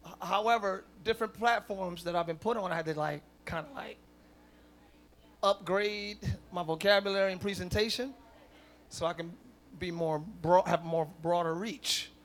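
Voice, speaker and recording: A male pastor with a very high, bright, forceful voice delivers a live church sermon. He moves from quiet, chatty asides to big shouted lines and pulls the congregation into call-and-response. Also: moderate pace. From northern United States. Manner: preaching with call-and-response, swinging from soft asides to loud shouts. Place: church sanctuary, live service.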